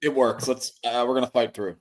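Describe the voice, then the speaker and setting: A man co-hosting a casual sports betting show over a video call, voice worn from losing it, teasing in a dry, deadpan way. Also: mid-range voice, brisk. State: lost his voice. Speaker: podcast co-host.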